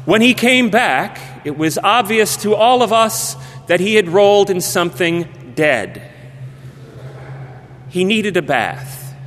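Male pastor, sermon storytelling, high voice, unhurried, hushed phrase endings, big hall reverb. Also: animated. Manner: measured, dropping to a hushed voice at phrase ends. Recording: long reverb of a large hall.

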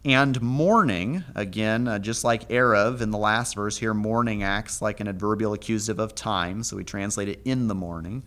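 A man teaching a Hebrew Bible lesson, methodically reading the verses aloud slowly and explaining the grammar. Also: on the low side, a bit bright.

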